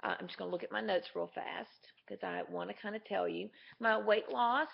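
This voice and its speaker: A woman's voice: mid-range voice, fairly quick, vocal fry, breathy edge. A woman talking candidly and chattily to camera in a casual video diary. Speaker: vlogger. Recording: dull lo-fi camera audio.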